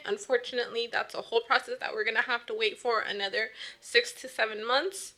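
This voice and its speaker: A woman business owner giving public comment at a city council meeting, earnest and halting with many ums, her voice straining as she fights back tears. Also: a little high, steady tone, sharp tone. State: tearful, voice straining.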